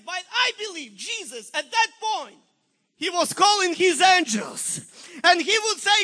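A man with a Ukrainian accent preaching a sermon, telling a story in an animated, emphatic way. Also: very high voice, measured pace. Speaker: pastor.

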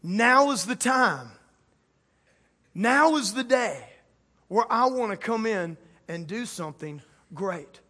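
High, bright-voiced male pastor preaching. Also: expressive, slow. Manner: playful, jokey preaching with voiced quotes. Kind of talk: lively sermon.

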